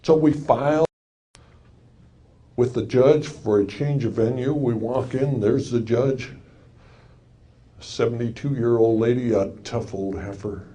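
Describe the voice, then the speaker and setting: Older man, folksy storyteller, wry punchlines, mellow dark voice. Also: mid-range voice, measured pace, long pauses. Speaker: speaker telling a story to an audience. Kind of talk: storytelling talk to a live audience.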